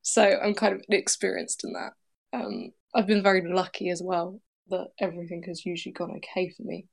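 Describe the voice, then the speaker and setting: A woman's voice: lowish voice, flat delivery, a little fast, creaky, husky. A woman in casual podcast chat, thinking aloud with hesitant fillers.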